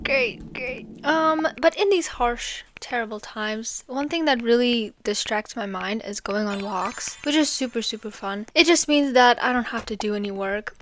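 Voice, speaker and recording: A woman's voice: fairly high pitch, a bit bright. A teenage girl chatting casually and telling funny stories over gameplay, giggling and squealing in her quoted reactions. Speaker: gaming vlogger.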